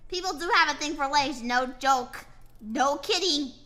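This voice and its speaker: A woman's voice: high-pitched, measured pace, sharp tone. A tired young woman streaming as a VTuber, chatting casually and rambling while she draws and answers her chat. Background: faint music playing.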